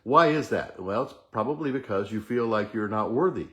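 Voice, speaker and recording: A man's voice: lowish voice, animated, moderate pace, a bit bright. A middle-aged man hosting a motivational talk, earnestly leading the listener through repeated affirmations. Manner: earnest, repetitive chanting of affirmations. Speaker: host.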